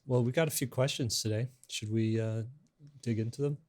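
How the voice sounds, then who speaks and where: A man's voice: medium pitch, steady tone, brisk, darkish tone. A middle-aged man hosting a casual podcast chat, talking in a rambling, hesitant way with many restarts. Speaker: podcast host.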